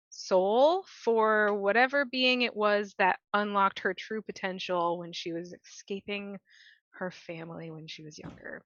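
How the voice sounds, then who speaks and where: A woman playing in a tabletop role-play, slowly describing her character's actions. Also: fairly low pitch, a bit bright, dry recording, muffled recording. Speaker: player.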